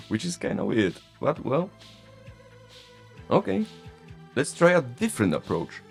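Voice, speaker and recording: A man's voice: lowish voice, gravelly. A man with a Polish accent, whose first language is Polish, chatting casually about tech and often chuckling at himself. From Poland. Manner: chuckling, self-mocking. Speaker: tech vlogger. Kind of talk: casual chat. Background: faint background music.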